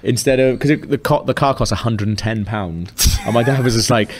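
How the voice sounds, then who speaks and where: A man's voice: mid-range voice, fairly quick, noisy background. A man telling rambling stories and laughing through casual gaming banter. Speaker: let's play co-host.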